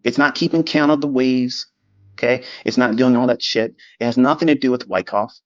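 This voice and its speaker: A man's voice: medium pitch, fairly quick, no room sound, muffled recording. A man giving a blunt, lecture-style talk on trading, dismissive of critics, swearing and repeating himself. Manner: mimics critics in quoted asides. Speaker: trading educator.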